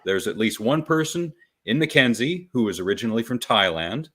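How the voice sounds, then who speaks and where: A man's voice: mid-range voice, animated, fairly quick, a bit bright, husky. A man hosting a casual talk show, politely answering viewers in the chat. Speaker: podcast host.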